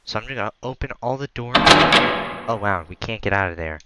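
A man giving crude, profane let's-play commentary on a horror game, joking and yelling when scared. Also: fairly low pitch, animated, moderate pace, heavy background noise. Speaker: gamer playing a horror game.

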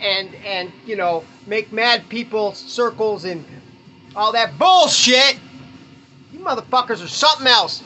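A podcast host with a high, sharp voice rants bluntly and with plenty of profanity in casual talk, chuckling often as he opens baseball cards.

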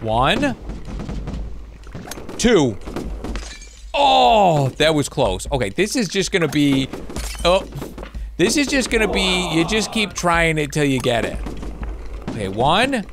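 A young man commentating his own gameplay, excitable and chatty with his viewers. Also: a little high, a little slow, pauses often, over music. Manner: excitable, talks to viewers while playing. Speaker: gaming YouTuber. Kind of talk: let's play commentary.

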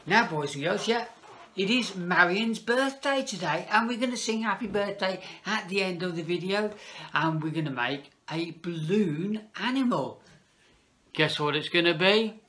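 A man's voice: high-pitched, bright, forceful tone. A man, working as a children's entertainer, chatting playfully to kids and a puppet. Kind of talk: children's party entertainer talk.

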